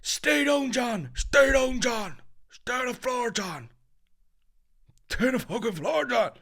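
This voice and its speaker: A man's voice: extremely high pitch, expressive, takes it slowly, a bit bright, voice pushed up, full character voice. A man voicing a furious brawler, screaming relentless sweary commands down a hotel corridor.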